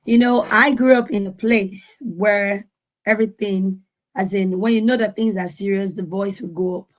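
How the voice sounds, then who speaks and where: A woman's voice: mid-range voice, fairly even intonation, normal speed, rough recording. A woman in her forties speaking on a discussion panel, earnestly sharing parenting advice and acting out family exchanges. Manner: earnest, advice-giving, acts out family dialogue.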